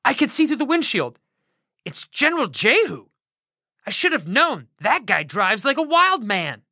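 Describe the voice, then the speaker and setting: A woman's voice: a little high, sing-song, moderate pace, sharp tone, no room sound, clean studio sound, voice pushed up, full character voice. A woman voicing a bored young male gate guard who talks in an easygoing, slangy way. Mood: chatty.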